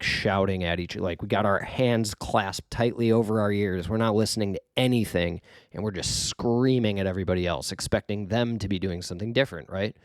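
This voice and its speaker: A man's voice: on the low side, dry recording, studio quality. A middle-aged man talking casually and earnestly, rambling with fillers and restarts as he gives advice. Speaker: podcast host giving life advice. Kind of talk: casual reflective monologue.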